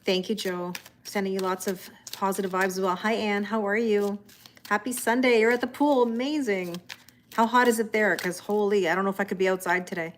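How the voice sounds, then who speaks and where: A chatty Canadian woman hosts a tarot livestream and talks with her viewers. She speaks at a middle pitch with a Canadian accent, greets people by name, and reads their comments aloud in easy, casual chat. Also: steady tone, brisk, slight background noise. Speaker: tarot reader hosting a livestream.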